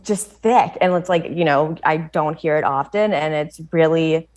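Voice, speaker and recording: American woman, podcast guest, animated storyteller, slightly low voice. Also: normal speed. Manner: animated storytelling, many "like" fillers, frequent laughter. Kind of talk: casual chat.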